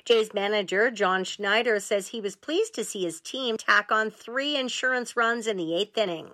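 A woman news anchor reading a radio newscast in a measured, even delivery. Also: medium pitch.

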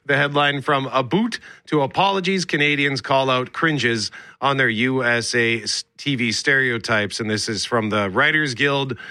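A man hosting a talk radio show, reading out survey findings and chatting in a relaxed way with his co-host. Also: mid-range voice, moderate pace, few pauses, no room sound, studio quality. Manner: relaxed, reads survey findings, chuckles along.

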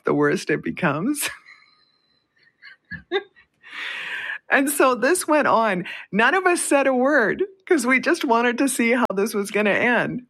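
A woman's voice: medium pitch, fairly bright tone. A middle-aged woman from Canada hosting a radio show, telling a story in casual chat and laughing often. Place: radio studio.

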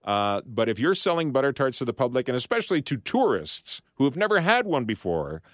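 A man's voice: medium pitch, sing-song, brisk, no echo. A man as a studio guest on a radio show, chatting about baking in a rambling, explaining way with frequent restarts. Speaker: studio guest, food commentator. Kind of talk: casual radio talk. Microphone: studio microphone.

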